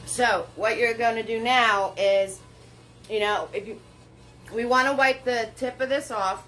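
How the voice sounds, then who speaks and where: This woman's voice is fairly high and fairly bright, with a steady tone, as she teaches a live paint-along. She speaks slowly and without hurry, encouraging and chatty, narrating every brush step and laughing softly. A little hiss or hum marks the rough recording.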